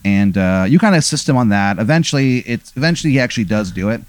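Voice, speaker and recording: A host casually tells a made-up scenario, rambling with lots of fillers and restarts and slipping into voices to act out the characters' lines. His mid-range voice is expressive and fast, and the recording is dry.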